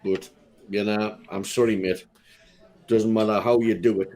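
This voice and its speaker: A man's voice: fairly low pitch, flat delivery, normal speed, darkish tone. Man, casual teasing co-host, drawling delivery. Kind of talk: casual banter on a live stream.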